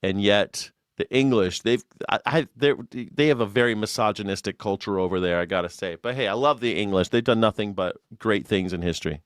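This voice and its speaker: Joking, rambling American host. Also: male voice, on the low side, brisk, hardly any pauses, clear, resonant tone, no echo, clean studio sound. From United States. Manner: rambling, joking, laughs often. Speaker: host of a news reaction show. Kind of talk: casual ranting commentary.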